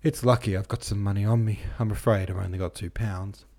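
A man with a deep voice reads an earnest young gentleman in an audiobook, quiet and a bit halting in his speech. His lines come out low and subdued, full of pity and shame. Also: fairly even intonation. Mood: earnest, ashamed. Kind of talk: audiobook character voice.

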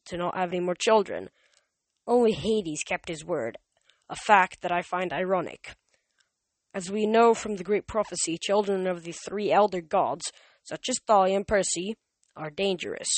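A woman's voice: on the low side, no echo, lightly acted. A stern goddess of wisdom speaks coolly and firmly, as a woman reading puts her on. It is a storybook reading with a dry, close sound.

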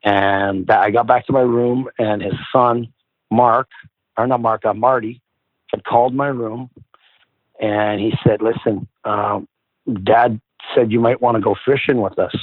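Lower-voiced man telling stories over a phone-like line. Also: a little slow, no room sound. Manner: animated, profane, acts out quoted people. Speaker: guest, former hockey player. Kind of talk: casual storytelling.

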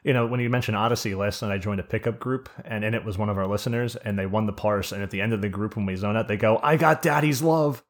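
Low-voiced man hosting a rambling chat. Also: little pitch movement, very fast, few pauses. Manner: rambling storyteller with many fillers. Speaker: podcast host. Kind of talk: casual chat.

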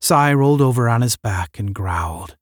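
A man's voice: medium pitch, expressive, moderate pace, no echo. Man reading an audiobook, dry sound. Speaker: narrator. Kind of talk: audiobook narration of science fiction.

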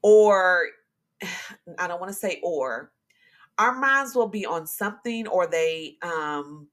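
A woman hosting a casual devotional podcast, chatty and animated, talking straight to her listeners and encouraging them, with sudden high exclamations. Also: takes it slowly. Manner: talks to listeners directly and warmly encouraging. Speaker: podcast host.

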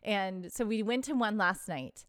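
A woman's voice: mid-range voice, a little slow, fairly bright tone, dry recording, studio quality. A woman co-hosting a podcast, telling a story in casual chat and acting out what her friends said. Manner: chatty storyteller, acts out quoted friends. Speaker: podcast co-host.

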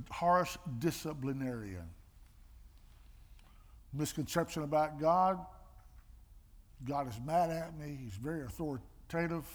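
An older man giving sermon-style teaching with personal stories, emphatic and animated, with a husky voice. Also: a little high. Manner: animated storyteller, emphatic, mimics slapping sounds. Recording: long reverb in a large hall.

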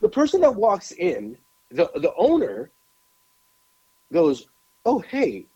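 A man co-hosting a podcast, telling a lively story with emphatic repetition into a studio mic. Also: high-pitched, slow, slightly rough, muffled recording. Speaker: podcast co-host. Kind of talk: animated storytelling chat.

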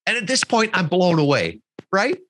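A middle-aged man with a high-pitched voice speaks at a moderate pace as a podcast guest. In a casual interview he tells a story with animation, quoting the people who appear in it.

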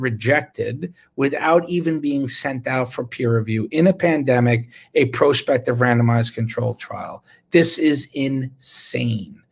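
Sarcastic, husky-voiced man. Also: a little high, fairly bright tone. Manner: sarcastic, indignant, with laughs. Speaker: physician speaking on medical research. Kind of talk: impassioned talk.

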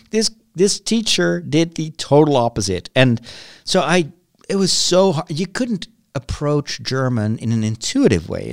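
Animated Dutch man, lively podcast host. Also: mid-range voice, no echo, studio quality. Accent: American-influenced English. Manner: animated, rambling, with restarts and dramatic emphasis. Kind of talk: casual solo podcast monologue.

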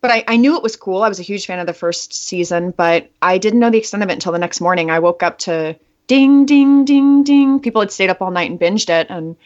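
A woman's voice: lowish voice, steady tone, quick pace, hardly any pauses. Bubbly laughing woman, muffled lo-fi audio. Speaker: actress and veteran guest. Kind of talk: casual interview.

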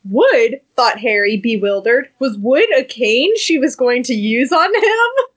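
A woman's voice: a little high, lively intonation, slow, a bit bright. A woman co-hosting a podcast, gushing with dramatic reactions. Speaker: podcast co-host. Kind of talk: casual chat.

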